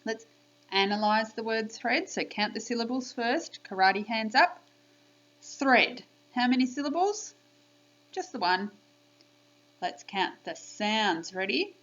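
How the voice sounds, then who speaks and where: A woman teacher giving a spelling lesson by video to young children, clearly sounding out letters and praising them. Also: a little high, lively intonation, a little slow, long pauses, fairly bright tone, lo-fi sound. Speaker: primary school teacher.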